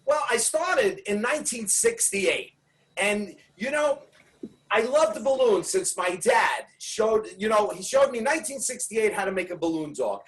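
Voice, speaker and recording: An older man, a balloon artist chatting as a guest in a jokey, exuberant way with loud bursts over a video call. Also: high voice, expressive, normal speed, distant mic, rough recording. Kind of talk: comic casual chat.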